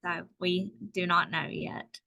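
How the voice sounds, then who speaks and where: Een vrouw die in een webinar via een videogesprek ongedwongen vertelt over het werk van haar gezondheidsteam, met veel aarzelingen. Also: female voice, on the low side, level tone, slow pace, creaky, sharp tone. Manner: conversational, many fillers. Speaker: tribal health department presenter. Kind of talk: webinar talk.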